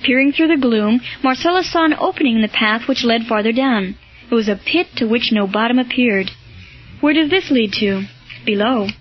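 A woman reading a historical novel aloud in a measured, steady narration. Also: fairly high pitch, lo-fi sound, faint music behind. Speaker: audiobook narrator. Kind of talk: scripted narration.

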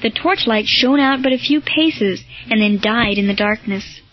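A woman reading a historical novel aloud in a measured, steady narration. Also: a little high, dull audio, faint music behind. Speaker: audiobook narrator. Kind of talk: scripted narration.

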